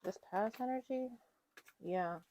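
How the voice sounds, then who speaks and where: Speaking a little slowly in a dark, medium-pitched voice, a woman gives her viewers a casual tarot reading. She's a chatty tarot reader who rambles, leaning on fillers, restarting sentences and correcting herself as she goes.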